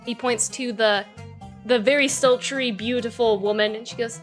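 A woman's voice: fairly high pitch, fairly even intonation. A woman narrating as game master of a tabletop role-playing game, slipping into character voices, with faint music behind. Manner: voices many characters with quick shifts.

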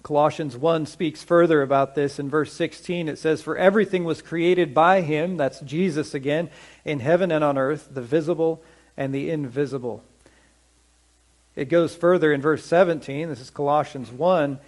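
Conversational preacher with a fairly high voice. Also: male voice. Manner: conversational, asks the congregation questions; slows down to stress scripture quotes. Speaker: pastor. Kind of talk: sermon.

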